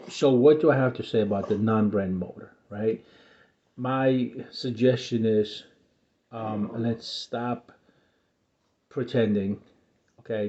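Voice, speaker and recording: A man explaining his e-bike builds in a casual vlog, halting often to fill pauses. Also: lowish voice, mellow. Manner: halting, many filler pauses. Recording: echoey room, dull lo-fi sound.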